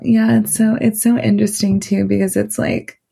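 A woman's voice: medium pitch, level tone, moderate pace, vocal fry, mellow, husky. A woman guest on a podcast, telling a personal story in a loose, rambling way full of fillers.

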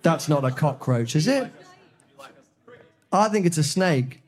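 A man's voice: on the high side, lively intonation, a little slow. A man co-hosting a podcast in front of a live audience, telling stories and joking with a lot of laughter. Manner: chatty, laughing, jokey storytelling. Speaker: podcast co-host. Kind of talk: casual chat before a live audience.

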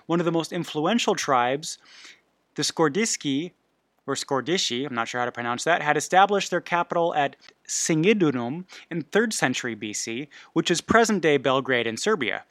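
A man's voice: a little high, animated, fairly quick, a bit bright, no echo, studio quality. A man hosting a history podcast, reading notes in an informal way with asides and self-corrections. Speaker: podcast host.

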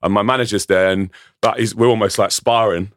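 A man in his thirties, a musician telling a story in casual chat, excitable and swearing often. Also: on the low side, a little fast, dry recording, clean studio sound. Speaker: guest musician.

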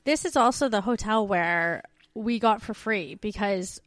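A woman co-hosting a casual travel chat, chatty and quick to laugh. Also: medium pitch, fairly bright tone, no echo. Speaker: podcast co-host.

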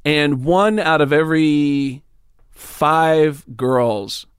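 Animated male comedian telling stories. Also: a little high, drawn-out words, clear, resonant tone, dry recording, clean studio sound. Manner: animated, acts out quoted voices, swears freely. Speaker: comedian guest. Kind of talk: casual storytelling interview.

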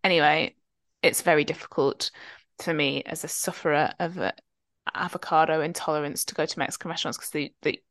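A woman's voice: deep voice, fairly even intonation, a little fast, a bit bright, dry recording, clean studio sound. A young woman co-hosting a podcast, telling wry anecdotes in casual chat. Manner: chatty, wry, storytelling. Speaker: podcast co-host.

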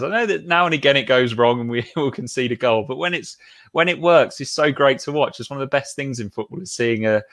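Animated man ranting about football. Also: mid-range voice. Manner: animated, opinionated, restarts often. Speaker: podcast co-host. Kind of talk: casual football podcast chat.

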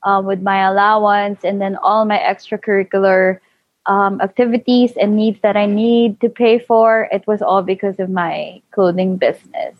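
A young woman telling a personal story in casual chat, full of fillers and animated quoting. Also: mid-range voice, moderate pace, no echo. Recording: dull lo-fi, dry.

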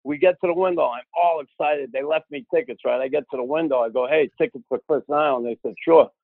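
A man telling a long casual anecdote, lively and acting out the voices of the people he quotes. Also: fairly high pitch, quick pace, gravelly, dry recording. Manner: animated, acts out quoted voices. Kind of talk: casual storytelling. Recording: tinny phone-like audio.

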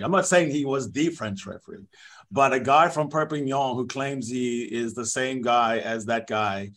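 A man co-hosting a podcast, joking in a playful, halting way. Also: medium pitch, fairly bright tone. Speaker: podcast co-host. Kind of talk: casual podcast banter.

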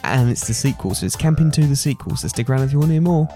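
A man's voice: mid-range voice, expressive, racing, over music. A young man hosting a podcast with his father, chatting casually and joking around. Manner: playful, joking. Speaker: podcast host, son. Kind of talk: casual chat.

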